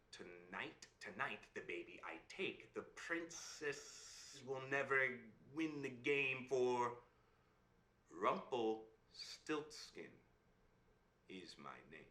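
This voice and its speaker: A man voicing a sly, menacing little male imp in a hushed, drawn-out voice. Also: medium pitch, huge pitch swings, roomy sound, full character voice. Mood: sing-song.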